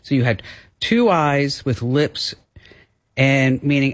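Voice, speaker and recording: A man's voice: mid-range voice, sing-song, takes it slowly. A man hosting a talk radio show, chatting casually, laughing often and quizzing his co-host. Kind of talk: casual radio chat with an ad read.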